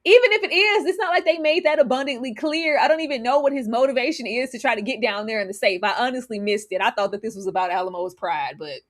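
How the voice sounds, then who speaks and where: A woman hosting a live show, chatting casually in an animated, slangy, emphatic way and laughing often. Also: fairly high pitch, quick pace, hardly any pauses. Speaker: host of a live show reviewing a TV series. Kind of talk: casual live-stream chat.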